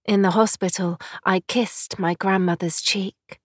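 A woman reading a poem and a short story aloud in a soft, solemn storytelling manner. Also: mid-range voice, fairly even intonation, unhurried, no echo, clean studio sound. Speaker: reader of poems and stories. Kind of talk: slow literary reading.

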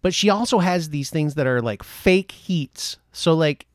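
A man hosts a podcast in a loose, joking, rambling way. His voice sits a little high, and the sound is dry and close. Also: animated, measured pace, dry recording. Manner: jokey, rambling. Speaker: podcast host. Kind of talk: casual chat.

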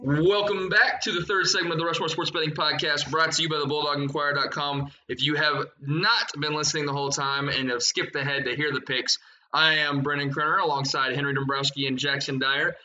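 A young man hosting a sports betting podcast, rattling off picks and odds in a fast, excited way. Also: on the high side, highs cut off. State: out of breath. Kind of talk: energetic podcast chat.

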